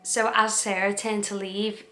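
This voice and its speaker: Young woman vlogger, casual storytelling, monotone delivery, roomy echo. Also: mid-range voice, unhurried. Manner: chatty retelling with quoted dialogue and fillers. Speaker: true crime vlogger. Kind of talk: casual true crime storytelling. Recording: echoey room.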